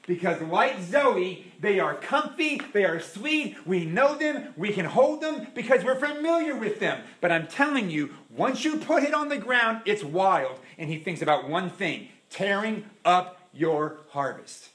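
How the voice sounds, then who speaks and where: A man preaching a sermon in a church, animated and dramatic, acting out the voices he quotes. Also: sits high, a little slow, few pauses.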